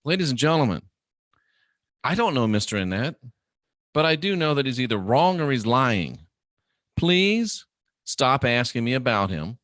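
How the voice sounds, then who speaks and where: A man hosting his own show, ranting emphatically, swinging from a low drawl to loud indignant peaks. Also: very animated, measured pace, dry recording, studio quality. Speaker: host. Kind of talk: ranting monologue.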